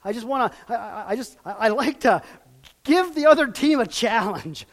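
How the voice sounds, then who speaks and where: A man preaching a sermon, moving between loud, emphatic peaks and hushed, quiet passages, acting out lines and asking questions. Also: extremely high pitch, lively intonation, normal speed. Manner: dramatic, acts out quoted lines and asks the audience questions.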